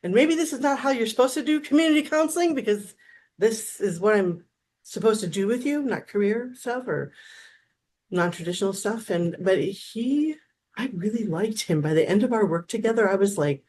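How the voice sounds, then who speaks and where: A woman with a medium-pitched voice and moderate pace, faint background noise behind her, guests on a casual interview. She's a therapist in her fifties whose animated storytelling features acted-out dialogue and many restarts.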